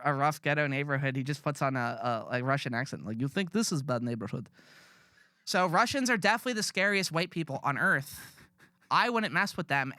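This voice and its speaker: A man's voice: fairly high pitch, sharp tone, clean tone, no echo, studio quality. A man ranting bluntly and profanely in casual podcast chat. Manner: blunt, profane, rambling rants. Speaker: podcast co-host.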